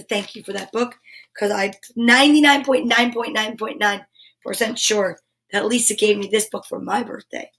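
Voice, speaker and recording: A woman's voice: a little high, fairly bright tone. A woman hosting a children's story time, reading a picture book aloud with enthusiastic, chatty asides. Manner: enthusiastic, chatty asides between read passages.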